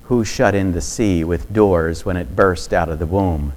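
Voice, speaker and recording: A man preaching a sermon, reflective and varying his loudness for emphasis. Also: sits low, a little slow.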